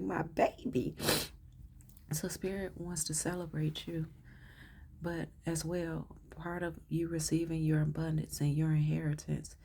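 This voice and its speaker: A woman with a low, gravelly, husky voice gives a channeled tarot reading. She speaks in an emotional, affirming way and often drops into soft whispers. Her tone is dark and mellow. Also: a little hiss or hum. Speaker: tarot reader.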